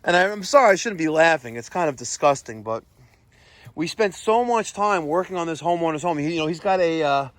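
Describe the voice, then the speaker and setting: A man, vlogging outdoors while servicing air conditioners, excitable and quick to exclaim and laugh. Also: fairly high pitch, no room sound. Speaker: plumbing and HVAC contractor. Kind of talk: on-the-job vlog. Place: outdoors at a house.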